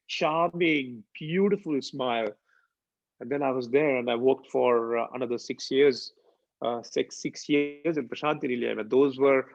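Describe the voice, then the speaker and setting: A man's voice: mid-range voice, gravelly, no echo, highs cut off. A man from India giving a devotional talk, telling a personal story earnestly and acting out its dialogue. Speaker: satsang speaker.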